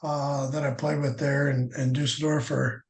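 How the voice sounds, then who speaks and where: A man's voice: mid-range voice, little pitch movement, moderate pace. A middle-aged former hockey player, a man, chatting easily as a podcast guest. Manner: easygoing, many fillers. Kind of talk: casual chat.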